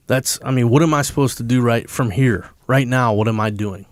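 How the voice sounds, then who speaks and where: A man speaking as a podcast guest at a mid-range pitch, telling his story bluntly and with plenty of swearing. He leans hard on the words he means, and his voice is recorded close and dry, with no room sound. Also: brisk, no echo. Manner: blunt, profane, emphatic. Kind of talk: casual storytelling.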